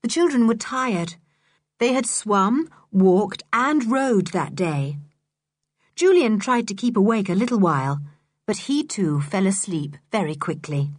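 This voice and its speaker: A woman narrating a children's audiobook in an expressive, animated reading style. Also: mid-range voice, a little slow, dry recording. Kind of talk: storybook narration.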